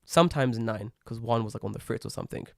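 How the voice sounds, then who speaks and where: A young British man co-hosting a podcast, telling an animated, swear-heavy story in casual chat. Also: mid-range voice, fast, vocal fry, dry recording, studio quality. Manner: rising to loud exasperated outbursts. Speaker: podcast co-host.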